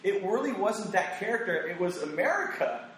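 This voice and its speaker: A man hosting a casual podcast chat, giving animated, opinionated takes with quoted asides. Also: high-pitched, moderate pace. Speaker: podcast host. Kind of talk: casual conversational podcast talk. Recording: very echoey room.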